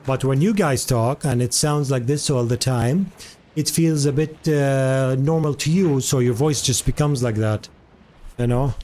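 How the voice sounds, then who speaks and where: A man's voice: medium pitch, a little slow, a little mellow, soft background music. Chatty, rambling male streamer. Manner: rambling, chatty, many fillers, answers chat. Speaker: live streamer. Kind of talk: casual stream chat.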